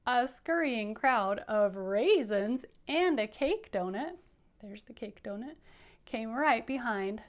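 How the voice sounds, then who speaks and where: Reading to kids, this teacher speaks slowly and expressively in a fairly high voice. She keeps it playful and coaxing, encouraging the children to echo her lines.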